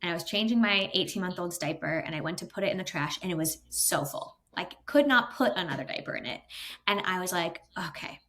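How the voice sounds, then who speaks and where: A woman in her thirties, a podcast guest, telling a personal story in a casual, animated way with quick asides. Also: fairly low pitch. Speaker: podcast guest, content creator.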